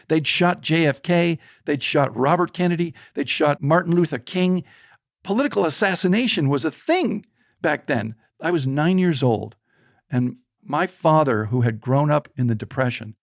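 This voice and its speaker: A man in his sixties, a podcast guest telling a story from his childhood in an animated way and voicing the people in it. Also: medium pitch, vocal fry, no echo, clean studio sound. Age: 60s.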